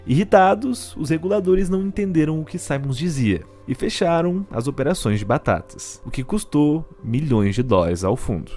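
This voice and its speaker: A man's voice: fairly high pitch, dark tone. A man reading scripted documentary narration, telling the story with dry ironic touches.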